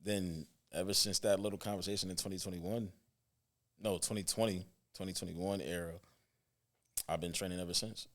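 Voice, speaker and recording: A man's voice: low-pitched, moderate pace. A man in his twenties, a football coach, talking casually and telling stories in slang on a podcast. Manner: loose, slangy storytelling, animated when imitating parents. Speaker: football coach and trainer, guest.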